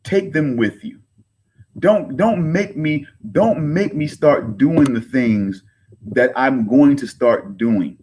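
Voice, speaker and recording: This online content creator, a man in his thirties, rants heatedly straight to camera in an animated, slow, slightly mellow voice, with a little hiss or hum on the recording. Agitated, he swears, repeats himself, keeps addressing viewers as "folks," and his pitch swings high when he gets angry.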